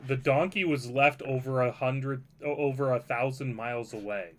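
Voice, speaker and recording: A man's voice: medium pitch, moderate pace, a crowd in the background. A man running a tabletop game as game master, narrating with dry, wry humor.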